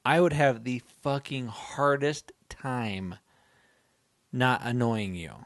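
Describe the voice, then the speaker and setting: A man's voice: mid-range voice, takes it slowly, no echo, clean studio sound. A man hosting a podcast in casual chat, teasing and laughing often. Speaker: podcast host.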